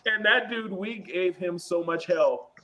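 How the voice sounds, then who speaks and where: A young man hosting a casual veterans' chat, telling stories from basic training and shouting out the drill instructors' lines. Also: high-pitched, unhurried. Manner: animated, acts out yelling drill instructors. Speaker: podcast host. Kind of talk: casual storytelling among veterans.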